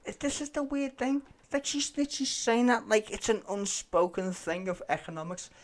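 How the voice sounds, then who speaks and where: A man's voice: high-pitched, fairly even intonation, moderate pace. A man live-streaming, ranting sarcastically and swearing as he reacts to a clip.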